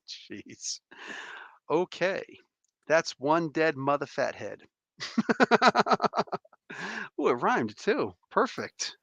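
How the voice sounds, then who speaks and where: Slow-talking bright-voiced game master. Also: male voice, fairly high pitch, sing-song, no echo. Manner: joking, laughs often. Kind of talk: narrating a tabletop game.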